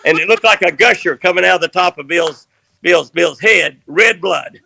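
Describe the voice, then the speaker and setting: An older man with a drawl spins a fishing tale at a moderate pace, his slightly high voice bright with a gravelly edge. As a guest, he rambles through the folksy anecdote with animated energy, and the recording is dry and close with no echo.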